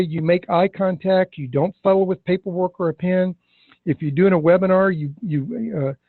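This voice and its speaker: A man teaching sales technique in a webinar, emphatic, acting out scripted questions with deliberate pauses. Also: high voice, gravelly, dry recording. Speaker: sales trainer. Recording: tinny phone-like webinar audio.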